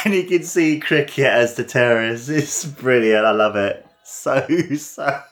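A man's voice: mid-range voice, expressive, slow, fairly bright tone. A young man giving casual reaction commentary on a show, gushing and laughing often as he talks. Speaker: reaction video host.

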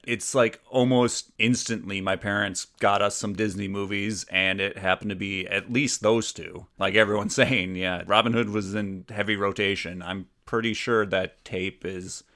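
A man with a bright, forceful voice chats casually as a podcast co-host. His pitch sits a little low, and he winds through loose anecdotes and pokes fun at himself. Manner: rambling, self-mocking anecdotes. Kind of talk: casual chat.

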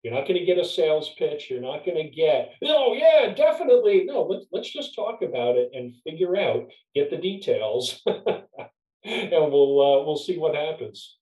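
A man who works as a leadership trainer, chatting as a podcast guest and telling workplace stories in a warm, storytelling way. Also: on the high side, expressive, moderate pace, distant mic. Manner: storytelling, warm, restarts words. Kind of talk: casual podcast chat. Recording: roomy, off-mic sound.

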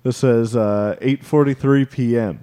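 A man's voice: medium pitch, fairly even intonation, a little slow, mellow. Laid-back male podcast host. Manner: reads updates aloud, laid-back. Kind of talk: casual podcast chat.

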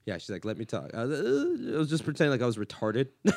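A man in his thirties from Los Angeles with an American accent, hosting a podcast with crude, animated storytelling and frequent laughter. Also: mid-range voice, fast. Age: 30s. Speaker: comedian podcast host. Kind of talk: casual podcast chat.

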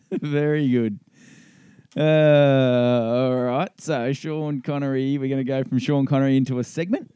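A man's voice: medium pitch, steady tone, measured pace, dark tone, smooth, no echo, clean studio sound. An Australian man co-hosting a podcast in casual chat, chiming in and running the segments. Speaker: podcast co-host.

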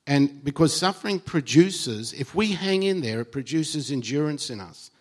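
A man preaching a sermon in a conversational, earnest way, swinging between soft, low remarks and emphatic lines. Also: animated, normal speed.

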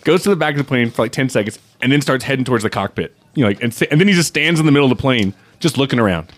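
A man telling a story in casual chat, profane and animated, acting out the people he quotes. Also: mid-range voice, very fast, no echo.

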